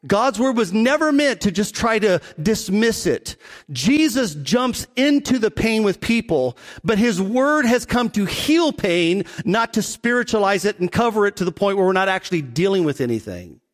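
High-voiced man preaching a sermon. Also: sing-song. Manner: conversational preaching, slows for emphasis. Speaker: pastor.

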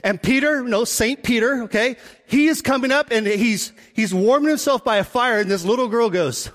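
A man preaching a sermon, telling the story in an animated way and acting out the people in it. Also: very high voice, moderate pace, hardly any pauses. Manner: animated storytelling, acts out voices. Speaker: pastor. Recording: long hall reverb.

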